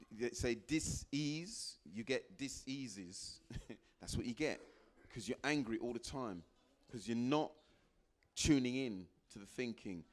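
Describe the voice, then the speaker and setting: A man giving a motivational talk to a live audience, repeating phrases for emphasis and acting out little exchanges with sudden jumps into a high voice. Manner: animated, acts out little dialogues with sudden high jumps in pitch. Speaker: guest speaker.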